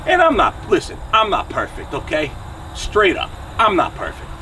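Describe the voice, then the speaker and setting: A man's voice: sits high, huge pitch swings, moderate pace, pushed and bright, recorded from a distance, a little hiss or hum. A man in his forties with a New Jersey accent, ranting angrily and bluntly to camera outside his truck shop, swearing and punctuating with "okay?" and "right?". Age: 40s. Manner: angry, profane, blunt, keeps asking "okay?" and "right?". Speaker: trucking channel host. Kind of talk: angry to-camera rant.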